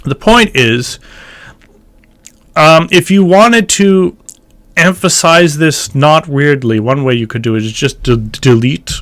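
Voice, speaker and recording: In a casual lesson, a man explains church chant notation and breaks into short sung phrases as examples. His voice is fairly bright and on the high side, and he takes his time.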